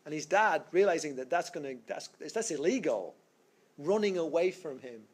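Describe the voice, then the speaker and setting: A man with a slightly high voice teaches a physics class, talking things through step by step. He rambles, stops to restart his sentences and fills the gaps with plenty of fillers. It sounds like a casual classroom lecture captured for a screencast. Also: animated, normal speed, husky. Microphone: screencast recording.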